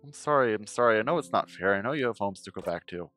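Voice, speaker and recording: A man voicing a timid, lonely young traveler while reading a video game's dialogue aloud in a soft, hushed voice. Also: fairly low pitch, animated, fast talker, faint music behind. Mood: sad.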